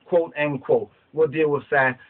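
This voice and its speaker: A fairly high-voiced man preaches about scripture in an impassioned, streetwise way. He keeps checking in with the listener as he builds his points. The sound is thin and tinny, like a phone line. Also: fairly even intonation, a little slow. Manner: preachy, streetwise, keeps asking "you understand?". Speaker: Rastafari teacher.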